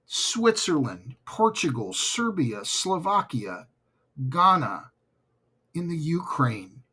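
A male podcast host talks unhurriedly, with a husky edge to his voice. His delivery is earnest and grateful, in a casual solo-show style. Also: on the high side, a bit bright. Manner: heartfelt and grateful, slow and earnest.

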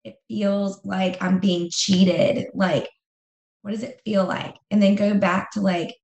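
A woman's voice: mid-range voice, flat delivery, slow, darkish tone, echoey room. A woman speaking as an interview guest in a candid conversation, emphatic and repeating phrases for effect.

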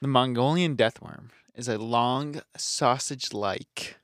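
Young guy on a podcast, chill, reads stuff out loud, cusses a bit, dry close mic. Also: medium pitch, slow pace, no echo. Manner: laid-back, swears casually, laughs mid-sentence. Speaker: podcast co-host. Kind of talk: casual chat, reading out cryptid facts.

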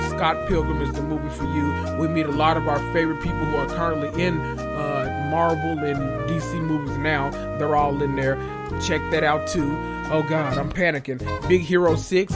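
Enthusiastic podcast host, slightly high voice. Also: male voice. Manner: rambling, enthusiastic, addresses listeners as y'all. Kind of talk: solo podcast with movie recommendations.

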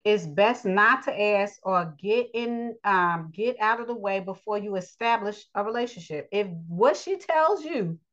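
A woman's voice: mid-range voice, lively intonation, fairly bright tone. Blunt, preachy woman on a dull recording. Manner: blunt and preachy, drawn-out pauses with fillers. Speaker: teacher of a daily lesson. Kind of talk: spoken religious lesson on relationships.

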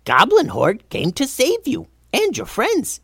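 A man voicing a friendly goblin king who talks slowly in broken, simple speech. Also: very high-pitched, wildly swooping pitch, fairly bright tone, husky, no room sound, studio quality, voice pushed up, full character voice. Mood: eager.

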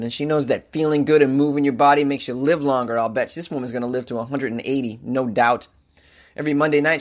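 Male podcast host from Boston, fairly high voice, excitable, laughs a lot, crude humor. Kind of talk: casual comedic commentary.

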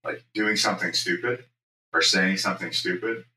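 A man co-hosting a casual podcast chat, relaxed and supportive. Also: sits low, moderate pace. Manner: relaxed, supportive, frequent short agreements. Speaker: podcast co-host. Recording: echoey room, mic at a distance, faint ambient noise.

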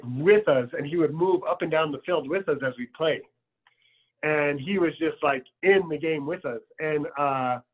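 Man, personal storytelling, slightly high voice, casual filler-heavy delivery, thin phone-like sound. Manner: loose and conversational, many fillers.

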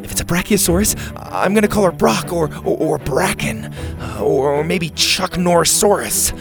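A man voicing an excitable young girl camper who talks in rapid, breathless bursts. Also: on the high side, gravelly, over music, voice pushed up. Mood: excited.

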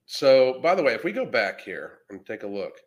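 Very animated at a moderate pace, this medium-pitched man from Florida hosts a podcast livestream. He reads viewer comments aloud and makes fun of trolls with brash, casual profanity.

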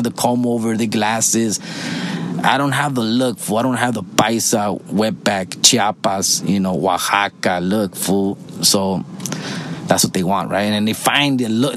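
A man from the United States, ranting casually and profanely, tagging "fool" and "dog" onto nearly every line. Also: medium pitch. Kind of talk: casual rant.

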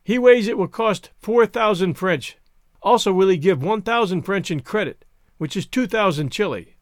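A shrill, excitable island wife barks commands in a shaking voice, as a male narrator puts her on. Her pitch leaps very high and swoops around, recorded dry and close. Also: moderate pace, dry recording. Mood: commanding.

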